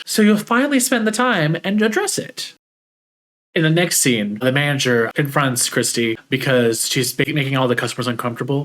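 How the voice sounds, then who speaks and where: A man's voice: medium pitch, fairly bright tone. A man hosting a solo podcast, talking earnestly and openly about family and emotions, with frequent restarts. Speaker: podcast host. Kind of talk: reflective solo podcast talk.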